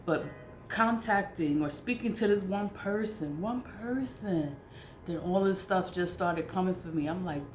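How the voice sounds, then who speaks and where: A woman talking casually and frankly about her spiritual practices, emphatic and quick to laugh. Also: medium pitch. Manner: frank, emphatic, laughs often and swears in asides. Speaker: spiritual vlogger. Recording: echoey room with faint noise.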